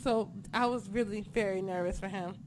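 A woman's voice: medium pitch, fairly even intonation, moderate pace, noisy background. A young woman co-hosting a casual wrestling chat, ranting animatedly and swearing often. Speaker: wrestling podcast co-host.

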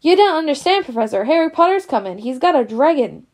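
A sneaky, spiteful schoolboy from a storybook, put on by a woman. He whines shrill and high. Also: very animated, fast, a little mellow. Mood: pleading.

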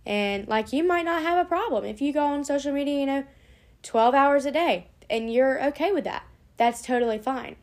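A woman's voice: high-pitched, normal speed. A young woman vlogging in a casual, rambling way, swearing now and then as she chats. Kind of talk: casual chat to camera.

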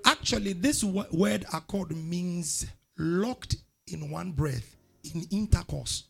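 Gravelly high-voiced preacher. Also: male voice, animated, takes it slowly, faint music behind. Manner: call-and-response preaching, rising to loud exhortations. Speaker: pastor. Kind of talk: sermon.

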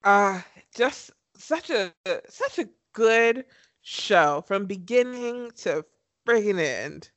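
A woman co-hosting a casual podcast chat, gushing and emphatic. Her voice sits at an ordinary middle pitch. The sound is dry and close, with no room around it. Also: very animated, slow pace, no echo, highs cut off. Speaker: podcast co-host.

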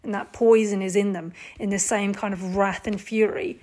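A woman's voice: medium pitch, steady tone, moderate pace, darkish tone. A woman giving an informal Bible teaching, earnest and emphatic, putting rhetorical questions to her listeners and leaning on "like" as she explains.

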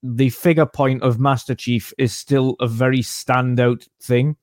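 A man co-hosting a gaming podcast, weighing his opinions in a measured, casual way. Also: medium pitch, fairly even intonation, no room sound, studio quality.

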